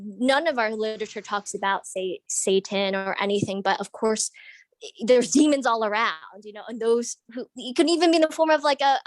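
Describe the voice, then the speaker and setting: A woman's voice: fairly high pitch, no echo, low-quality recording. A woman earnestly asking a long question in an online group discussion, thinking aloud with restarts as she searches for words. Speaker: audience member asking a question.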